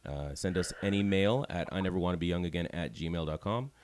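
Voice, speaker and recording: A man's voice: low-pitched, brisk, darkish tone, slight background noise. A man hosting a podcast in casual chat, rambling and correcting himself as he goes. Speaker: podcast host.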